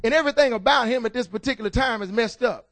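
Preacher guy, high voice, lots of y'all and amen, stutters then shouts. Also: quick pace. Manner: repeats words, calls out "y'all" and "amen"; stammering restarts, rising to shouts. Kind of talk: sermon.

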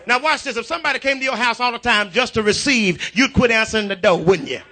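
A man preaching a revival sermon in a church, using call-and-response and breaking into shouts. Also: very high voice, animated, fast talker. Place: church sanctuary.

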